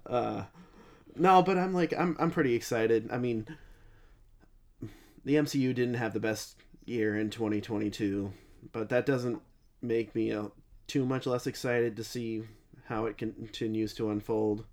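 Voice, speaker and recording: A man's voice: mid-range voice, steady tone, a little slow. A man with a mid-range voice talks casually as a co-host on a movie podcast. He hesitates often and repeats words as he gathers his thoughts. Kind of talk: casual chat.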